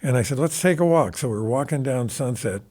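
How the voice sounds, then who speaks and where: Animated older man telling stories. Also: medium pitch, brisk. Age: 70s. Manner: animated, rambling, swears casually. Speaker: guest guitarist. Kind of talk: casual anecdotal storytelling. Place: recording studio.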